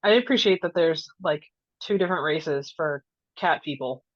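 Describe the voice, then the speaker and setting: Brief: woman player, lowish voice, dry and lo-fi, chatty with fillers. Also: normal speed, dry recording. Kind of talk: casual tabletop play.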